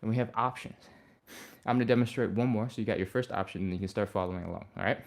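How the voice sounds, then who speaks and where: A man coaching a live flexibility session, breezy and encouraging as he explains each move. Audible sighs and breaths slip in between his steady, everyday instructions. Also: on the low side, racing, vocal fry, slight background noise. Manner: relaxed, upbeat, talks through each move. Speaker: fitness instructor.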